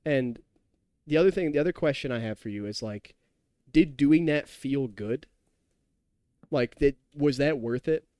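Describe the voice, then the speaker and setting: A man's voice: medium pitch, measured pace, long pauses, mellow, no echo, studio quality. A young man streaming a game, chatting loosely and telling stories to his chat while tipsy. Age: young adult. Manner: rambling, laughing, storytelling, reading chat. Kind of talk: casual live-stream chat while gaming.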